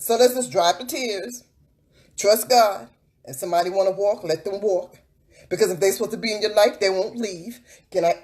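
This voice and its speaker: A beauty vlogger on a livestream who breaks into fervent, repetitive spiritual encouragement, like a preacher. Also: female voice, mid-range voice, darkish tone.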